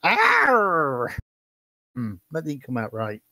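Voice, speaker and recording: A man's voice: medium pitch, lively intonation, measured pace, a little mellow, no echo, clean studio sound. A man playing a tabletop role-playing game, talking in a playful, bouncy way. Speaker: player.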